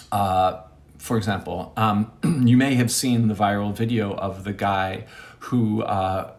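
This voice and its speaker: A man telling a comic story as a monologue host, rambling and interrupting himself, with lively jumps in pitch.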